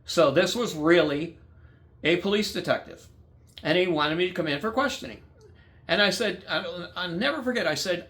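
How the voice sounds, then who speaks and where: An American man with a high, slightly bright voice tells his own story at a moderate pace, bluntly and angrily. He swears a lot and acts out the dialogue as he goes.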